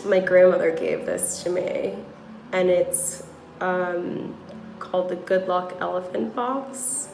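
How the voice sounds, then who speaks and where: A woman's voice: lowish voice, steady tone, slow pace, creaky, darkish tone, roomy sound, a little hiss or hum, rough recording. A woman with a New York accent, livestreaming from her room as a tarot reader, rambling to her viewers with many fillers. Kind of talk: casual livestream chat. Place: room at home.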